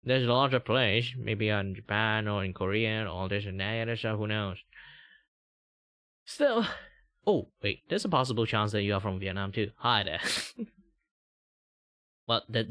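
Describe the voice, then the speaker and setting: Low-voiced chatty young man streaming. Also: moderate pace, fairly bright tone, no room sound, clean studio sound. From Malaysia. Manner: chatty, filler-heavy, laughs often; playful teasing of viewers. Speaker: livestream host. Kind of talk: casual livestream chat.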